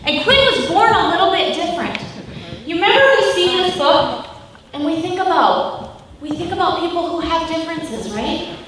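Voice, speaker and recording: A mother in her thirties speaks to schoolchildren in a school hall, telling stories and constantly asking the children questions in an interactive way. Her voice is extremely high and animated, at a normal speed. The recording is echoey and distant, with faint noise.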